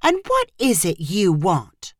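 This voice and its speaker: A woman's voice: fairly low pitch, wildly swooping pitch, slow pace, no room sound, studio quality, exaggerated voice. A woman voicing a sweet but exasperated wife who coaxes and scolds her husband. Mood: coaxing. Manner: coaxing, then scolding.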